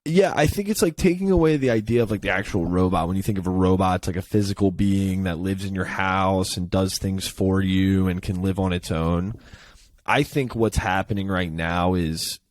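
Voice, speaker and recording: A young adult man co-hosting a podcast, talking in relaxed casual chat that is full of "like.". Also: low voice, normal speed, no room sound. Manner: relaxed, lots of filler "like". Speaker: podcast co-host.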